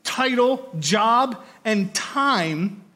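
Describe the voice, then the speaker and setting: A man preaching a sermon, teaching from a study book with animated storytelling and frequent rhetorical questions. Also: very high voice, extremely slow. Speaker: pastor or teacher.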